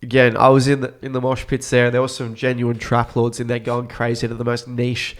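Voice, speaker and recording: A man's voice: mid-range voice, completely flat delivery, brisk. Laid-back young Australian man chatting. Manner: laid-back, slangy, trails off mid-sentence. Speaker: podcast co-host. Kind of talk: casual chat.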